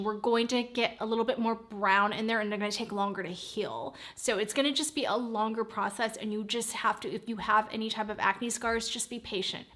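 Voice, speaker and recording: A woman's voice: a little high, pushed and bright. A woman in her forties, a beauty vlogger chatting casually to camera, rambling and drifting into side notes. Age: 40s.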